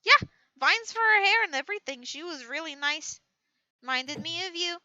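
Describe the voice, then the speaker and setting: A woman's voice: extremely high pitch, moderate pace, bright, forceful tone, no echo, lo-fi sound, pitched above the performer's own voice, exaggerated voice. A woman voicing a cheerful young girl talking to her mother, giggly and eager.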